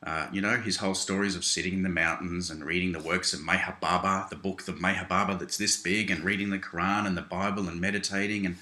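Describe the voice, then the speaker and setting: Australian man, low-pitched but bright and forceful, indignant direct-to-camera rebuttal in an echoey room, "mate" in every other line. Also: steady tone, quick pace, few pauses. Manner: indignant, keeps saying "mate", many restarts. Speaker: video blogger responding to critics. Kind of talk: casual direct-address rant. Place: small home office.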